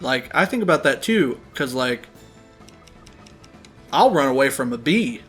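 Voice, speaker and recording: A man's voice: medium pitch, big pitch swings, unhurried, fairly bright tone, slightly rough, soft background music. A young man co-hosting a game playthrough, telling a story casually with lots of swearing and laughter. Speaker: let's play co-host. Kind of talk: casual gaming chat.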